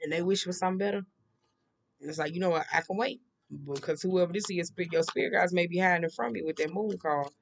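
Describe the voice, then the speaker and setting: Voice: medium pitch, fast, gravelly. Tarot reader, casual monthly reading, blunt, profane, slangy, rambling, repetitive tics, checks in with the listener. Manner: rambling, with repeated verbal tics.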